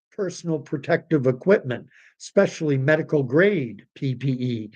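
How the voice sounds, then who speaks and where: A man's voice: fairly high pitch, moderate pace, warm tone. A middle-aged man from Canada hosting a livestream, rambling in casual commentary and turning scornful when he argues. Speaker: livestream host.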